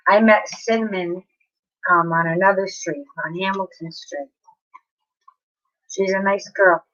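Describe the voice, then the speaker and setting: A woman's voice: mid-range voice, steady tone, a little slow, fairly bright tone, highs cut off. A woman chatting casually with viewers on a live stream, apologetic and talking straight to her chat.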